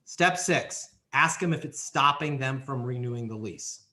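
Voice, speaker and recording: A man giving energetic coaching talk on a podcast, emphatic and repetitive, often checking in with "right?" and "okay?". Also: medium pitch, a little slow. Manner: emphatic, repeats key phrases, frequent "right?" and "okay?". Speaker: guest speaker on leasing and renewals. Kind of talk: energetic coaching talk with role-played examples.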